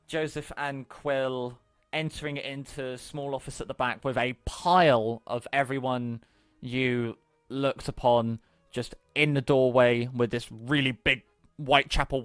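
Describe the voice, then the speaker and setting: A man narrating a tabletop role-playing game as game master, in a relaxed way. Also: mid-range voice, a little slow, smooth, no room sound, soft background music.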